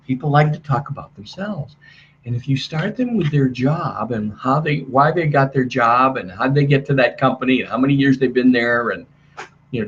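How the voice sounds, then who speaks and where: A man's voice: mid-range voice, normal speed, dull audio. A middle-aged man giving a sales training webinar from a hotel room, talking energetically and acting out customer dialogue. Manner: energetic, acts out quoted dialogue.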